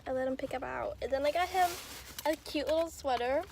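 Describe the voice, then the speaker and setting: A woman's voice: high voice, fairly quick, creaky, darkish tone. A young woman, chatting playfully in a casual vlog with her dog. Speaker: vlogger. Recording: noisy phone recording with background noise.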